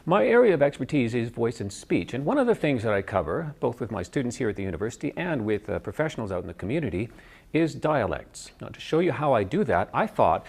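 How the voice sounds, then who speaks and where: A man with a Canadian accent, a drama professor explaining speech technique in a clear, patient teaching manner. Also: mid-range voice, big pitch swings, quick pace. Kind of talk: instructional video lesson.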